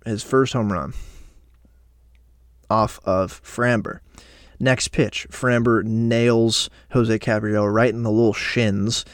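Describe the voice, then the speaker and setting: A man talks through a baseball week like an excited fan, swearing as he goes and jumping up and down in pitch. His voice sits in a middle register. The sound is dry and close, with no room around it. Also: no room sound. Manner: animated, profane, fan banter. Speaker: sports podcaster. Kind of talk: casual sports recap.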